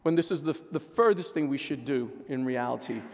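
A man's voice: mid-range voice, brisk. A man, a pastor and therapist, preaching a sermon in a conversational way, often checking in with the listeners. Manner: conversational preaching, keeps asking "right?". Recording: long reverb of a large hall.

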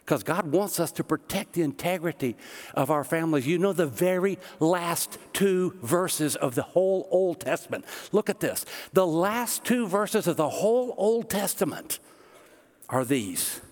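Man, middle-aged pastor, passionate sermon, emphatic repetition, high voice. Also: lively intonation, a little slow, darkish tone. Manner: impassioned, emphatic preaching with repeated phrases. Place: church sanctuary. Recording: long hall reverb.

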